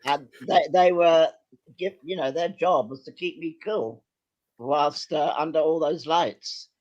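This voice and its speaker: Older man telling lively anecdotes, dull recording. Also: a little high, a little slow. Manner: lively, self-deprecating anecdotes with hesitations. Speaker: guest actor and writer. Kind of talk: casual chat, storytelling.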